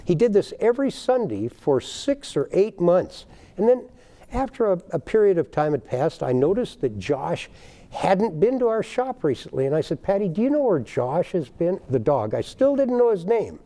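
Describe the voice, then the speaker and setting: An older man, a baker, telling stories in a TV interview in a folksy, animated way, acting out the people in his tales. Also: sits high, normal speed. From United States. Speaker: guest, baker. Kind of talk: storytelling in a TV interview.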